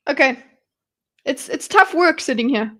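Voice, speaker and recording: A woman's voice: sits high, expressive, measured pace, pushed and bright. A woman streamer talking casually as she reads out and picks apart a debate, with joking asides and half-muttered notes to herself. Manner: chatty, muttering asides while reading along. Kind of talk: casual livestream commentary.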